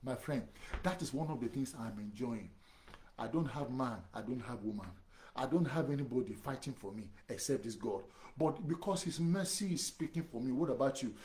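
A man's voice: mid-range voice, normal speed, warm tone. A man preaching a sermon as pastor, emphatic, repeating phrases and speaking straight to the listener. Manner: direct address to the listener.

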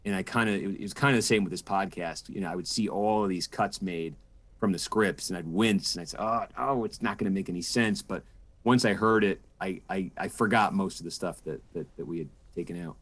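A man's voice: low voice, a little fast, a bit bright. A man in his forties, a political correspondent, giving thoughtful interview answers with frequent restarts and fillers. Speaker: political correspondent and podcast host, guest.

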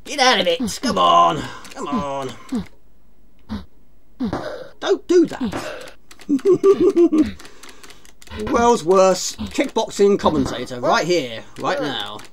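A woman's voice: fairly low pitch, sing-song, slow, vocal fry, a crowd in the background. A woman streaming a retro game, chatting casually, teasing herself and greeting viewers from chat. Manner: chatty, self-mocking, reads chat aloud.

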